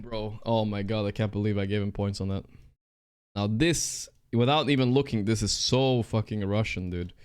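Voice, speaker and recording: A man streaming a geography guessing game, thinking out loud, excitable and trash-talking his opponent. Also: lowish voice, moderate pace, clear, resonant tone. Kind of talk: casual live-stream commentary while playing.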